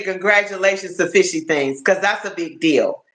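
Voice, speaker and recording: A man's voice: high voice, normal speed, hardly any pauses, bright, forceful tone, reverberant. A man hosting a casual live stream, chatty and tired, repeating himself and calling his viewers y'all. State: tired and achy. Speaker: livestream host.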